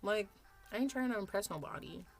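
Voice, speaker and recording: A woman's voice: medium pitch, expressive, fairly quick, gravelly, faint music behind. A woman in her thirties chatting casually and rambling as she does her makeup at home on camera for a vlog, swearing freely. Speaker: vlogger.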